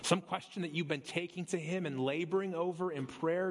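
A male pastor preaching a sermon in a church, speeding up and slowing down for emphasis and rising sharply on key words. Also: a little high. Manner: preaching with sweeping shifts of pace and emphasis. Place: church sanctuary.

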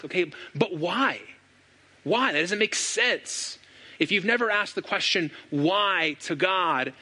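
A man's voice: on the high side, sharp tone. A man in his thirties, a pastor preaching an earnest, reflective sermon full of rhetorical questions.

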